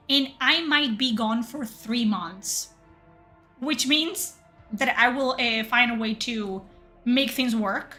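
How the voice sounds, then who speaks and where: A woman's voice: on the high side, bright, forceful tone. A woman streaming a game, chatting casually and swearing, reading chat aloud. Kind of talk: casual livestream chat while gaming.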